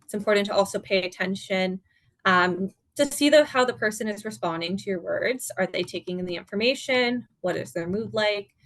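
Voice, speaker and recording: A woman presenting at an online seminar as a dementia care educator, giving calm, step-by-step guidance. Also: mid-range voice, fairly quick, dry recording. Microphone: video call.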